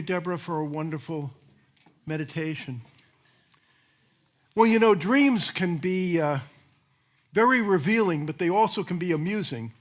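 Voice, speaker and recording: A man's voice: a little high, fairly bright tone. Older male minister telling a chuckling story. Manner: folksy, chuckling anecdotes with restarts. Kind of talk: sermon with personal storytelling. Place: church sanctuary.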